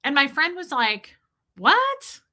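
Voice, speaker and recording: A woman's voice: fairly high pitch, expressive, normal speed, pushed and bright. A woman live streamer chatting candidly with her viewers, swearing casually and greeting them by name. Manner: greets chat viewers by name mid-story. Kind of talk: casual livestream chat with viewers.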